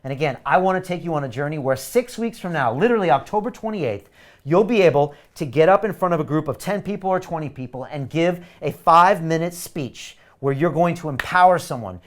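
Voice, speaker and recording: Pushy energetic man hosting a webinar. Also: a little high, a little fast. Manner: energetic, pushy, repeats catchphrases. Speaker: host of a live webinar. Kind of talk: live sales pitch to viewers.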